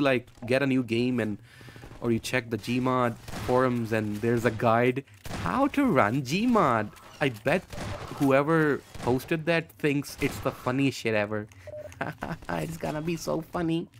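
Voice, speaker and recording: A man's voice: mid-range voice, measured pace, a little hiss or hum. A young man from Pakistan, chatting casually and rambling on a live stream while gaming, swearing and joking often. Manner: rambling, profane, jokey, laughs often.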